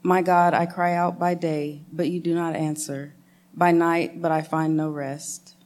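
A woman reading Bible verses aloud in a quiet, even way. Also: deep voice, measured pace. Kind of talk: scripture reading.

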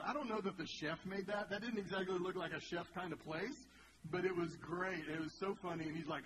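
A man's voice: sits high, brisk. A middle-aged man hosting a video reaction, chatting enthusiastically and drifting into a preachy tone. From United States. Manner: enthusiastic, churchy call-and-response. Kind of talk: casual commentary turning preachy. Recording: loud background noise.

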